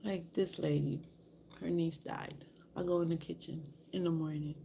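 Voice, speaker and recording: A woman's voice: sits low, steady tone, normal speed, gravelly, warm tone, slight background noise. A woman vlogger telling a story in a candid, rambling way, often dropping to a whisper. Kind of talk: casual storytelling to camera.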